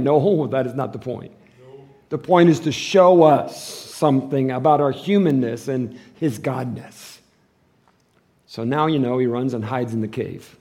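Male pastor, high-pitched voice, animated sermon, loud then hushed, church service. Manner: animated preaching, swings between loud and hushed.

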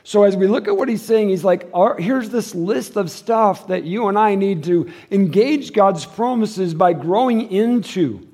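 Middle-aged pastor guy preaching, fairly high voice, chatty and joking, does little voices for people he quotes. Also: animated, measured pace, hardly any pauses, warm tone. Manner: conversational preaching, acts out quoted voices, chuckles often. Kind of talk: sermon.

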